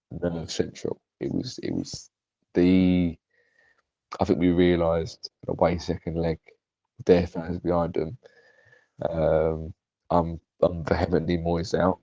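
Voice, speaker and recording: Casting note: very low, gravelly male caller, dark tone, hushed and hesitant, muffled lo-fi line. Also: no echo. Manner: hushed, hesitant, with many ums. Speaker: guest caller. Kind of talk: casual fan chat over a call. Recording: dull lo-fi call audio.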